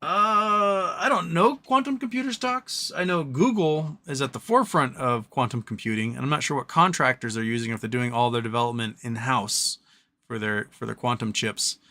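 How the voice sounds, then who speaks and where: A man's voice: medium pitch, normal speed, sharp tone. A man hosting a live stream, chatting casually about stocks and reading viewer questions, with a rambling delivery full of ums and self-corrections.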